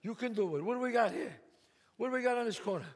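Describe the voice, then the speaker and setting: A man playing a loud, bossy, profane mob boss in a one-man stage show. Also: very high voice, fast talker. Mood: commanding. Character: brash swaggering mob boss man, middle-aged. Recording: live stage, long reverb, faint ambience.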